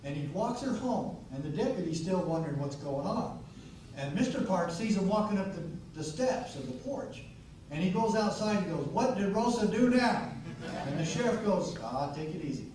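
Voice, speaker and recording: A man's voice: expressive, moderate pace, hardly any pauses. Fiery male rally speaker, echoey and distant. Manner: preacherly, swings from low storytelling to loud rousing declarations. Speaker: former sheriff, rally speaker. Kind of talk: impassioned rally speech, storytelling. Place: outdoor rally through a PA. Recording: echoey PA sound from far off with background noise.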